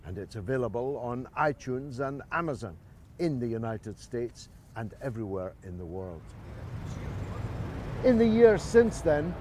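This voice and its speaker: A Scottish-accented man in his sixties delivers a scripted introduction straight to camera as a presenter, using a dramatic orator's style. His voice is a little high and a little mellow.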